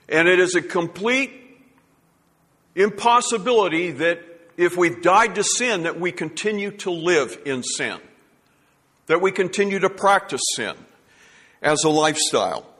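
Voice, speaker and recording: A man's voice: sits high, lively intonation, slow pace, a bit bright. A male pastor giving a sermon in an earnest, emphatic way, often restarting phrases as he builds a point. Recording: long hall reverb.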